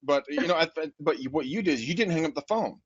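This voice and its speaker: A man's voice: fairly high pitch, animated, fast talker, noisy background. A man hosting a podcast, blunt and joking, casually swearing as he tells stories. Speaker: podcast host. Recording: dry, muffled lo-fi audio.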